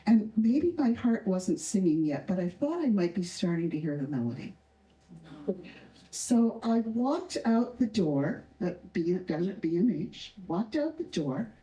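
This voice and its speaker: A woman in her sixties, a retired nurse, telling a personal story on stage and acting out the voices of the people in it. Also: medium pitch. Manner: warm, expressive, acts out the voices of others. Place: stage at a community arts event. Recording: echoey hall from a distant mic.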